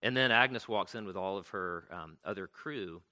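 A man's voice: sits low, moderate pace, sharp tone. A man retelling a story to an audience in a loose, chatty way, full of fillers and restarts. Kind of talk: conversational storytelling talk.

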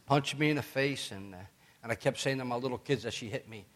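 A middle-aged man preaching a sermon as pastor, chatty and animated, telling stories with joking asides. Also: mid-range voice, normal speed, gravelly, breathy edge.

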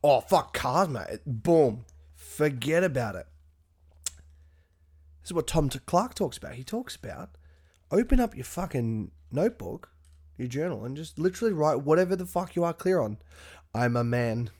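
A young man hosting a motivational podcast, talking in a profane, punchy, animated way. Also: on the high side, moderate pace, pauses often, slightly rough. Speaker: podcast host.

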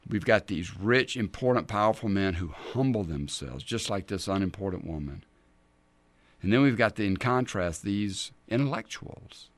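A man hosting a Bible teaching show, telling scripture stories in an animated way and acting out the people in them. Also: fairly low pitch, moderate pace, no echo. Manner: animated, acts out the scripture scenes in character voices. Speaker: men's ministry teacher and show host.

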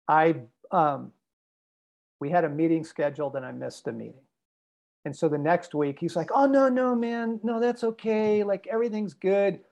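A man's voice: on the high side, gravelly, darkish tone. Guest speaker, male, preacher-like cadence, hammers points through repetition. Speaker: guest speaker on men's development. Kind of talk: podcast conversation.

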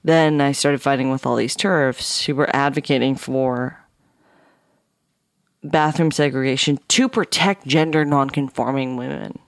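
A woman guest telling a personal story on a podcast, animated and profane, acting out the people in it. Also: rumbling low, unhurried, dry recording, clean studio sound. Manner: animated, swears a lot, acts out dialogue. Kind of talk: casual storytelling.

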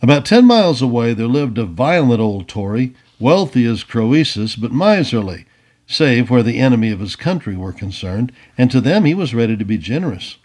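A man reads an old-fashioned story aloud, his husky voice full of lively ups and downs. He tells it plainly, now and then dropping in a casual aside. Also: mid-range voice, normal speed.

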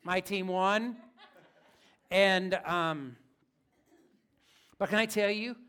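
A man's voice: high-pitched, very slow, pushed and bright, clean tone. A man preaching a sermon as pastor, in a casual, joking, conversational way.

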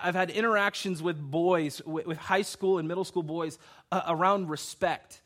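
A young male pastor with a high, fairly bright voice preaches by sharing personal stories. He tells them like a storyteller, acting out the voices of the people he quotes.

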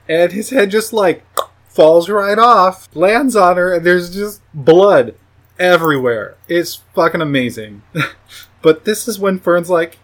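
A man's voice: high voice, expressive, unhurried, a bit bright. A man giving a casual, rambling, profane recap of a movie plot, often laughing at his own jokes. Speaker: movie reviewer.

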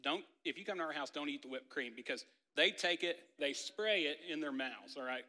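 A man's voice: on the high side, expressive, a little fast, pushed and bright. A man in his thirties preaching a casual sermon, telling a family story with lots of "like" and "right?". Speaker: pastor. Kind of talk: conversational sermon with personal story. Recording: long hall reverb.

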